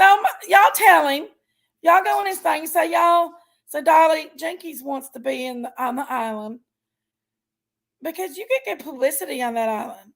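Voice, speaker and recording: A woman's voice: high voice, creaky. A woman hosting a casual livestream, chatting in a folksy way and greeting viewers by name. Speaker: livestream host.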